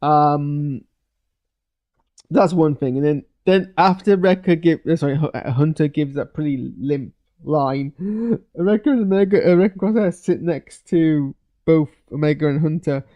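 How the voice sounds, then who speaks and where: A man's voice: a little high, normal speed, lo-fi sound. A man giving a rambling, casual live reaction to a show's finale, full of fillers and restarts. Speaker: show reviewer.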